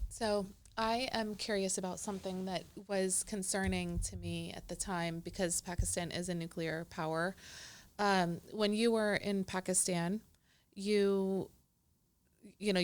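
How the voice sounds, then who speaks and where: A woman's voice: medium pitch, smooth. A woman podcast host asking curious questions in an interview conversation. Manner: curious questioning with brief acknowledgments.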